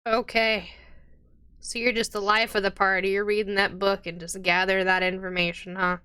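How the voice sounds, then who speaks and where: A woman game master describes the scene in loose, chatty narration. Her voice is bright and crisp. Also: mid-range voice, little pitch movement, moderate pace.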